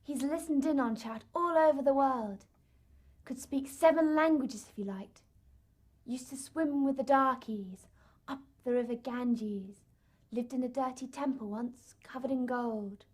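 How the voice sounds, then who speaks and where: An actress playing a proud, bold farm daughter who talks in a boastful, matter-of-fact way. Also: female voice, on the high side, a little mellow. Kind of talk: acted monologue.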